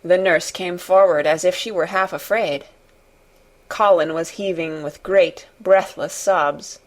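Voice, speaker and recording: A woman reading a classic novel aloud as an expressive audiobook narrator. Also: fairly low pitch, unhurried. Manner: expressive storytelling. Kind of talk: scripted narration.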